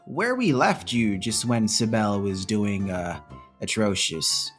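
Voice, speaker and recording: A man's voice: fairly low pitch, animated, slow, a bit bright, faint music behind. A man co-hosting a history podcast in a playful, teasing, casual way. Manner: playful, mock-exasperated, teasing. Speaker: podcast co-host.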